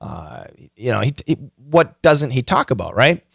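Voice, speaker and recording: A man's voice: mid-range voice, very animated, unhurried, creaky, fairly bright tone, slightly rough, no room sound, studio quality. A middle-aged man hosting a podcast, giving a casual, chatty tutorial full of self-mocking jokes and frequent fillers. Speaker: podcast host.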